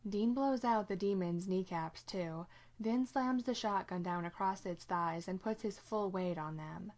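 A woman reading a story aloud in steady narration. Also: medium pitch, measured pace. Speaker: reader.

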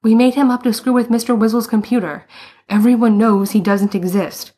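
A woman voicing an anxious, flustered young man in a story, with a rushed, pleading way of talking. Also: fairly high pitch, fairly even intonation, warm tone, slightly rough, voice pushed up. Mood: exasperated.

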